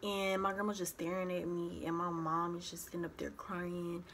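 A young woman vlogger, telling a personal story in a casual, animated way and acting out the voices of the people in it. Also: lowish voice, normal speed, slight background noise. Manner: animated retelling, acts out others' voices.

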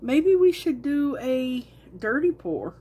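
A woman's voice: high-pitched, very animated, slow pace, dark tone, breathy edge. A woman talking casually to her viewers while she makes resin crafts, thinking aloud and rambling as she works.

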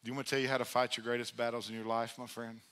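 A man preaching a sermon in church, conversational and energetic, calling out to the congregation. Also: mid-range voice, racing, clear, resonant tone. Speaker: pastor. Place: church sanctuary.

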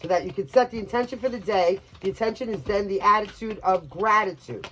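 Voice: medium pitch, a little fast, a bit bright, lo-fi sound, slight background noise. A tarot reader from Brooklyn giving a casual reading, blunt and chatty, swearing freely. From New York, Brooklyn.

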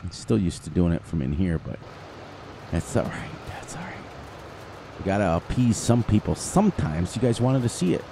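A gaming channel host with an upstate New York accent gives chatty commentary on gameplay, laughing often and singing snatches of songs. His voice is deep, sing-song, creaky and mellow, with a little hiss or hum in the background.

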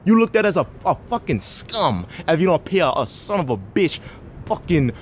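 A man in a heated rant, swearing at almost every turn and circling back over his own words. His voice sits fairly high for a man. Faint traffic hum runs behind him. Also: big pitch swings, normal speed. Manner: heated, swearing constantly, repeating himself. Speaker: vlogger. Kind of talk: profane angry rant.

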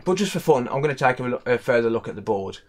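A man's voice: medium pitch, sing-song, fast, background noise. A young man with a West Midlands English accent, an electronics repair technician ranting in a casual vlog, annoyed and repeating himself. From England.

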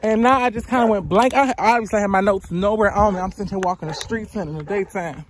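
A woman vlogger in her twenties walks along a roadside near woods, chatting casually and out of breath as she gives blunt, profane advice into a handheld phone camera. Her mid-range voice moves fast, with slight background noise.

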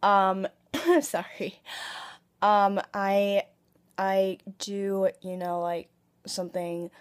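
A woman vlogging about herself, with a cold, speaking in a halting way full of ums, likes and restarts. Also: mid-range voice, fairly even intonation. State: has a cold. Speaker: vlogger and aspiring comic actress. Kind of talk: casual home vlog monologue.

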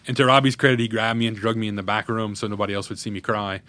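A man's voice: on the low side, flat delivery, very fast, sharp tone. A man, a parish president telling a candid, earnest story in an interview. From Louisiana, USA. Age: 30s. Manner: earnest, candid, recounting a crisis in detail. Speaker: parish president, podcast guest.

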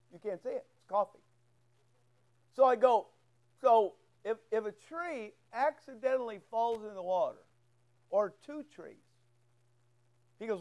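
A man's voice: extremely high pitch, a little mellow, lo-fi sound. A male pastor preaching a sermon in church, telling a folksy story and acting out both sides of a conversation. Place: church sanctuary.

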